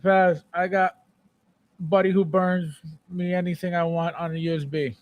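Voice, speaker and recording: A man hosting a casual live stream, chatting with viewers, repeating phrases and breaking into playful shouted bits. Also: high voice, fairly even intonation, normal speed, no room sound. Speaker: livestream host. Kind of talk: casual live chat reading viewer comments.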